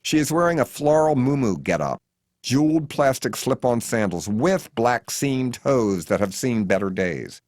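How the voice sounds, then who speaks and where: A man's voice: mid-range voice, moderate pace, no room sound, clean studio sound. An American man reading his own memoir as an audiobook, telling it in a wry, vivid way. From United States. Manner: wry, vivid storytelling with lively intonation. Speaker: author narrating his memoir.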